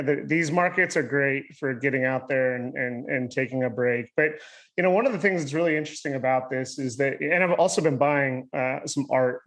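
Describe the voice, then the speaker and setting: A man's voice: medium pitch, a bit bright. Chatty upbeat man in his thirties. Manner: chatty, upbeat, talks at length. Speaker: panelist. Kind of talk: virtual panel discussion.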